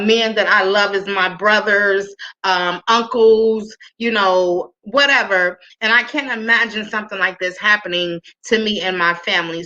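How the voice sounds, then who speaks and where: A woman's voice: medium pitch, bright, forceful tone, highs cut off. A woman hosting her own livestream show, talking casually and rambling as she signs off, emotional and repeating herself. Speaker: host.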